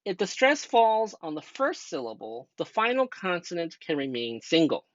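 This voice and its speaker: A young man teaches a grammar lesson step by step, his pitch bouncing up and down as he asks questions to keep the class with him. The voice-over is dry and a little dull, like a cheap home recording. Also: big pitch swings, moderate pace, no room sound. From United States. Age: young adult. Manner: patient, step-by-step teacher talk with rhetorical questions. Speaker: student teacher.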